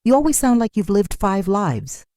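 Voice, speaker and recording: A narrator voices an earnest young woman founder in a very animated, warm, medium-pitched voice at a moderate pace. The studio-quality recording is dry, and the pitch sits above the performer's own voice while staying close to an everyday voice.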